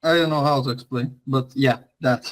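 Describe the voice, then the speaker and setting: A man's voice: medium pitch, steady tone, moderate pace, rough recording. A young man teaching an online language class, talking in a loose, chatty way with many fillers and restarts.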